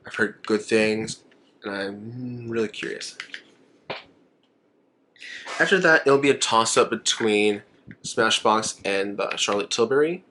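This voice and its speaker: A man's voice: on the low side, pushed and bright, slight background noise. A young man chatting to camera in a makeup vlog, rambling, emotional and laughing often. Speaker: makeup vlogger. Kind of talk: casual chat to camera.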